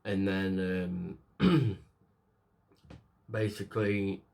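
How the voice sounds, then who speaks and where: A man talks through a film he just watched in a loose, casual review. His voice sits a little low. He rambles with plenty of fillers and restarts, and he acts out the characters' lines as he retells the story. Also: steady tone, extremely slow, vocal fry, darkish tone.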